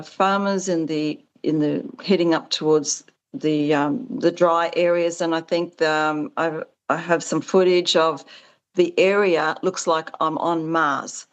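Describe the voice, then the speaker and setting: A woman's voice: low-pitched, clear, resonant tone. A woman being interviewed as the founder of a farming support business, talking earnestly and with animation, her voice jumping up when she acts out quoted exchanges. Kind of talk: conversational interview.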